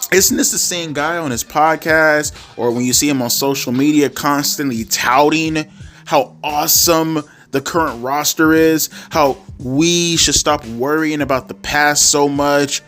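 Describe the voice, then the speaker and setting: A man's voice: on the high side, a bit bright. A man giving a casual opinion rant, rambling with frequent restarts and self-corrections and casual swearing. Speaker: wrestling commentary YouTuber. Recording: faint instrumental music underneath.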